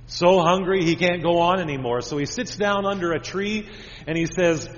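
A pastor giving a children's sermon, talking gently with the kids and asking them lots of simple questions. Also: male voice, sits high, moderate pace. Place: church. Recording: dull recording with long church reverb.

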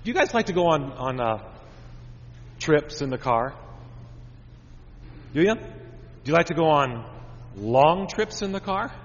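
A pastor giving a children's sermon, talking gently with the kids and asking them lots of simple questions. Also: male voice, on the high side, sing-song, a little slow, long pauses. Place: church. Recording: dull recording with long church reverb.

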